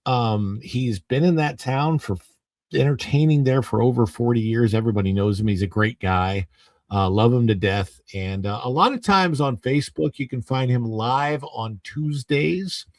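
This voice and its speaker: A man talks casually as host of a live stream, reading viewers' names aloud in a chatty way. His voice has a gravelly edge, and the sound is dry and close with no room echo. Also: mid-range voice, moderate pace, darkish tone. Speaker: livestream host.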